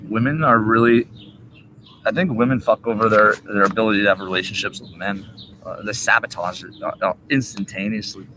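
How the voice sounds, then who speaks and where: A man's voice: on the low side, steady tone, brisk, sharp tone, slight background noise, poor audio. A young man ranting profanely into a laptop webcam during a rambling livestream, agitated and cursing. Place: indoors at a laptop. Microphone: laptop webcam mic.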